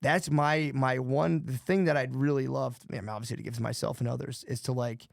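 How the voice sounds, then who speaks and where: A man with a gravelly, fried voice rambles through a casual podcast chat, cursing freely and starting over mid-thought. He sounds wired on too much coffee. The sound is dry and close-miked. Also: mid-range voice, fairly even intonation, a little fast, dry recording. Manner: rambling, profane, restarts often. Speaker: podcast co-host.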